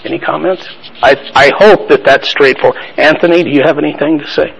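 A man's voice: a little high, fairly even intonation, fast, vocal fry, a bit bright, a little hiss or hum, poor audio. Man teaching a Bible study class. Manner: asks the class questions and affirms answers; conversational, plain-spoken.

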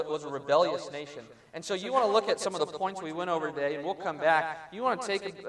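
High-voiced man preaching in an echoey room. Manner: conversational storytelling with fillers and restarts. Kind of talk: sermon. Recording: roomy, mic at a distance.

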